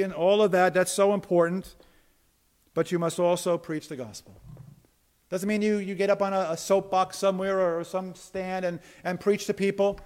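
High-voiced emphatic male preacher. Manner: emphatic preaching, swinging from loud to hushed; repeats words when restarting. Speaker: pastor. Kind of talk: sermon.

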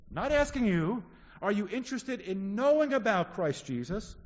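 Guy preaching a sermon, earnest, says things twice, highish voice, long echo off the church hall. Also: sing-song, moderate pace. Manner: earnest, repeats key phrases for emphasis. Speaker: pastor. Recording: dull recording in a reverberant hall.

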